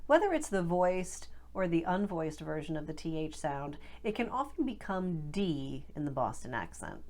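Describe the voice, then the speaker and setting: A woman speech coach giving a scripted accent lesson, demonstrating sounds clearly and carefully. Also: low-pitched, sing-song, moderate pace, a little mellow.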